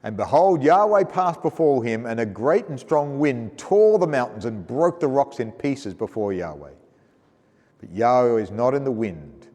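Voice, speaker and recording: A man's voice: mid-range voice, sing-song, moderate pace, a little mellow. A man with an Australian accent preaching a sermon in a church, reading scripture aloud and asking the congregation questions in a conversational way. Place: church hall. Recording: long hall reverb in a church.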